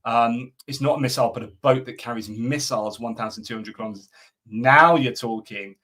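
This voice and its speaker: A man's voice: mid-range voice, fairly quick, sharp tone. A middle-aged man hosting a live stream, chatting casually and answering viewer comments, with lots of fillers and restarts. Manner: rambling, many fillers and restarts.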